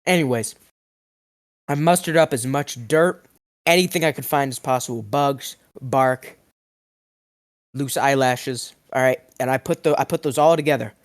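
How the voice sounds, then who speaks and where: A man's voice: medium pitch, moderate pace. A young man telling a rambling absurd comic story, mock-outraged, his voice cracking now and then. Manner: rambling, mock-outraged, swings between mumbling and yelling. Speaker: food review vlogger.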